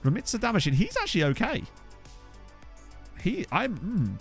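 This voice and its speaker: A man in casual let's-play commentary, chatty and self-mocking as he thinks out loud at a desk microphone. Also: high voice, huge pitch swings, moderate pace, vocal fry, husky, faint music behind. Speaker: gaming YouTuber. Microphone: USB desk microphone.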